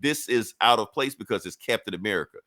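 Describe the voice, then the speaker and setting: Low-voiced man recapping comics casually. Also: fast, pushed and bright, no room sound, studio quality. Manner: loose, profane, rambling storytelling. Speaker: podcast co-host.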